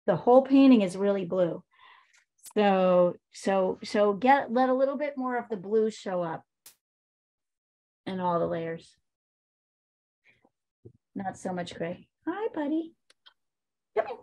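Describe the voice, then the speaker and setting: A woman's voice: medium pitch, a little slow, pauses often, warm tone. A woman art teacher giving online painting instruction over a video call, encouraging and repeating her points as she coaches.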